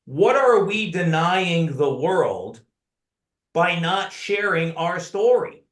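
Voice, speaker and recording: An earnest man telling personal stories as an interview guest. His voice sits a little high for a man. He is recorded in a roomy, echoey space. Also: very animated, slow pace, fairly bright tone. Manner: earnest storyteller who addresses the host by name. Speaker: podcast guest, author. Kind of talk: conversational storytelling.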